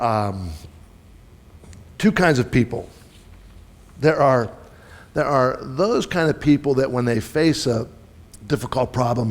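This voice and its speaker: Conversational preacher, fairly high voice. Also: male voice. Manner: conversational, asks the audience questions, repeats words. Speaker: pastor. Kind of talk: sermon with personal story.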